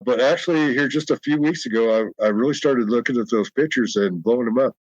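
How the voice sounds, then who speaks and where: A man's voice: mid-range voice, quick pace, darkish tone, dry recording, lo-fi sound. A middle-aged man telling long, rambling stories in casual chat, often breaking into laughs. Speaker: guest telling encounter stories. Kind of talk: casual storytelling.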